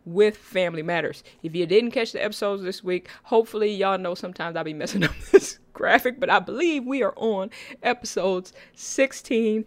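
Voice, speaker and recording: A woman's voice: mid-range voice, normal speed. A woman hosting a podcast in casual, chatty talk, teasing her co-host and addressing listeners directly. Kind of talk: casual podcast chat on a live stream.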